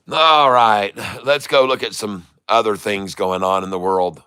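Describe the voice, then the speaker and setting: A man's voice: fairly low pitch, sharp tone, clean tone. An older man hosting a day-trading livestream, chatting casually and joking while he reads viewer comments. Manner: chatty, jokey, laughs often, folksy. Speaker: livestream host, day trader. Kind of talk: casual live-stream chat, reading comments.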